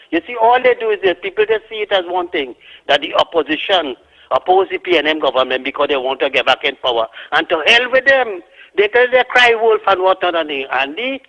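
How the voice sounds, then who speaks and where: A man's voice: high-pitched, big pitch swings, brisk. Heated Trinidadian man on a phone line. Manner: heated, indignant. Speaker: caller. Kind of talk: call-in radio rant.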